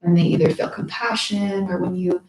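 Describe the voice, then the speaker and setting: A woman's voice: fairly low pitch, steady tone, moderate pace, vocal fry, a little mellow. A young woman talking candidly and emotionally in a casual heartfelt conversation, swearing freely. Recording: echoey room.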